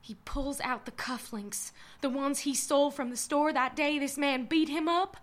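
A woman's voice: high-pitched, fairly even intonation, close to an everyday voice. A woman playing a drunk, frightened young woman. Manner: frantic, halting, stammering. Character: drunk frightened young woman narrating her own ordeal. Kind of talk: first-person audio drama narration.

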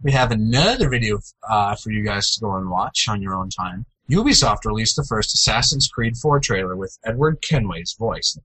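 Bright-voiced jokey young man. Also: animated, moderate pace, few pauses, slightly rough, no echo, low-quality recording. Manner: jokey, jumps into playful high-pitched outbursts. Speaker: co-host. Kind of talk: casual gaming news chat.

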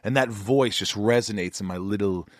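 A man with a New York accent, talking loudly and in a rambling, self-interrupting way as host of a casual conversation. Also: on the low side, moderate pace, no room sound, studio quality.

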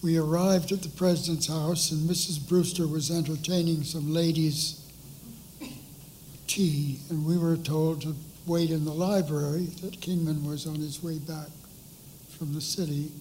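An older man on a discussion panel, telling a story in an unhurried, measured way. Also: a little high, level tone, a little mellow, a little hiss or hum, poor audio. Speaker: panelist recalling hiring a colleague. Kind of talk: anecdotal storytelling. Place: panel discussion at an art school.

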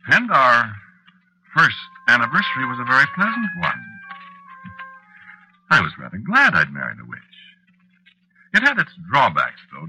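An ageless husband of a witch, with a lowish voice that rises and falls freely. His tone is bright and forceful. He tells his tale wistfully and grows flustered and stammering when questioned. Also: exaggerated voice, low-quality recording. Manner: reflective storytelling, flustered in dialogue. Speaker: narrator. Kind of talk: 1940s radio acting.

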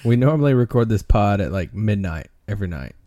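A man's voice: fairly low pitch, lively intonation, a little fast, warm tone, no echo, muffled recording. A man co-hosting a casual podcast, who talks in a dry, teasing way. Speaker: podcast co-host.

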